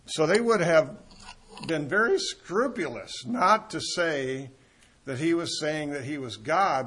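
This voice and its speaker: An older man teaching a Bible sermon in a conversational way, asking his listeners questions and pausing on fillers as he thinks. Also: fairly high pitch, a bit bright, breathy edge. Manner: conversational, asks the audience questions, frequent fillers. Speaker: preacher.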